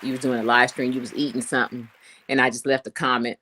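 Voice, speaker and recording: A woman who is a guest on a live stream, chatting casually and quick to laugh. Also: rumbling low, flat delivery, a bit bright, slightly rough.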